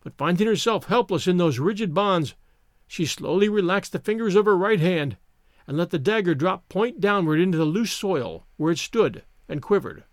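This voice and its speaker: A man narrating a historical story as a scripted audiobook, measured and expressive. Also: high voice, no echo, clean studio sound.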